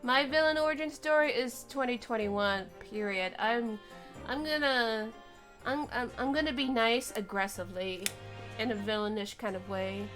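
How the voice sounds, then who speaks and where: Young woman streamer, tired and rambling, high voice over faint lofi music. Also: normal speed. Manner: tired, rambling, joking, swears. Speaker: streamer playing and voicing a game. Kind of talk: casual game commentary with voiced dialogue. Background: soft lofi music.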